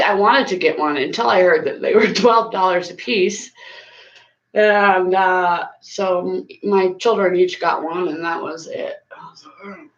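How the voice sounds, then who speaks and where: Woman, casual live-stream chat, rambling, lowish voice, lo-fi sound. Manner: chatty, rambling, laughs at herself. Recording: echoey, dull lo-fi room sound.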